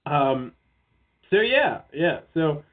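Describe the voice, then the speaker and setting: A man's voice: fairly high pitch, big pitch swings, very slow. A man co-hosting a casual podcast chat, rambling and profane with mocking asides. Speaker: podcast co-host. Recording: tinny phone-like line.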